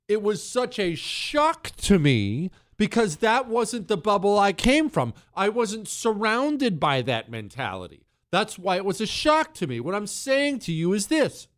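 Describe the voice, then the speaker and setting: Lively, emphatic talk radio host. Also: male voice, sits high, no echo, studio quality. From Texas. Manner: conversational, emphatic, lively rhetorical questions.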